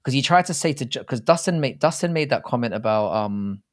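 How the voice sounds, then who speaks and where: A British man talks in loose, rambling banter as co-host of a casual livestream. His voice sits at a middling pitch, and he chats easily with his partner. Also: expressive, brisk. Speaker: podcast co-host.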